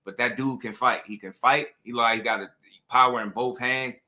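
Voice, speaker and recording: A man's voice: mid-range voice, steady tone, moderate pace, bright, forceful tone. A man hosting a boxing show in casual, playful commentary full of slang and jokes. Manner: playful, jokey, heavy slang.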